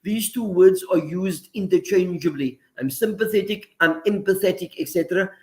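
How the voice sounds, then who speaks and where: A man with a high voice speaks at a moderate pace as the regular guest on a radio talk segment. He offers reflective commentary in an earnest, somewhat preacherly way, working through everyday examples and using Arabic phrases.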